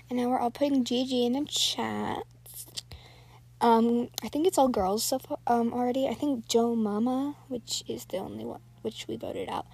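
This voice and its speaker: A woman's voice: on the high side, a little mellow, slightly rough. A woman giving live, rambling commentary while playing an online game, nervously narrating every move aloud.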